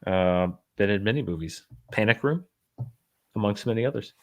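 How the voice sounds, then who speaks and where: A man hosts a casual live-stream chat about the news, dry and wry in tone. His voice sits a little low, and he rambles along, filling pauses with plenty of uhs. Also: expressive, darkish tone, a little hiss or hum. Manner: wry, rambling, lots of uh fillers. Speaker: host.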